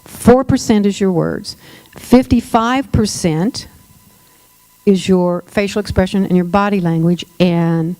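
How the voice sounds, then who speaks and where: A woman's voice: medium pitch, unhurried, warm tone, no room sound, low-quality recording. A woman presenting a workshop on dementia care. She speaks emphatically and addresses the audience directly. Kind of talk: workshop talk to a live audience.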